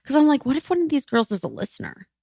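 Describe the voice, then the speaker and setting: A young adult woman co-hosting a podcast, chatting casually, animated and swearing freely. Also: high voice, rapid-fire, vocal fry, dry recording, studio quality. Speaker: podcast co-host. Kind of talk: casual chat.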